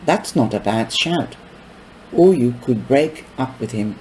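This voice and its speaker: A man reading aloud voicing a self-assured teenage schoolgirl in his own plain, slow, mellow voice. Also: mid-range voice, animated, slight background noise, lightly acted, rough recording. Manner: read plainly in the reader's own voice.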